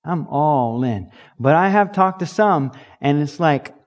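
A man preaching with a fairly high-pitched voice. He talks emphatically, mixes in jokes and briefly acts out other people's voices to make his point. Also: expressive, slow pace. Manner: emphatic, jokey, slips into mock voices. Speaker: pastor. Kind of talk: sermon.

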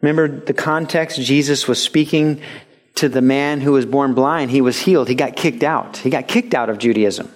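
A male pastor preaching a sermon, animated and acting out little dialogues and mimicking voices for laughs. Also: medium pitch, normal speed.

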